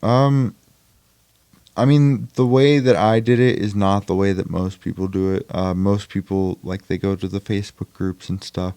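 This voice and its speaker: A man's voice: deep voice, fairly even intonation, normal speed, dark tone, smooth, no echo. A young man chatting casually as a podcast guest about acting in indie films, rambling with lots of fillers and restarts. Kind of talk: casual chat.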